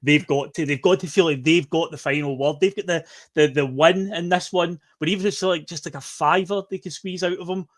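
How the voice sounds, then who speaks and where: A man co-hosting a casual football podcast, ranting in an exasperated, animated way. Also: on the high side, a little fast, hardly any pauses. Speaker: podcast co-host.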